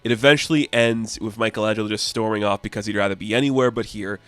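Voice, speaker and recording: A man with a lowish voice chats eagerly about a comic issue. He runs through the plot casually and with plenty of enthusiasm. The sound is dry and close, with faint music underneath. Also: steady tone, fairly bright tone, dry recording. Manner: enthusiastic, chatty, fast recaps. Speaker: comic book reviewer.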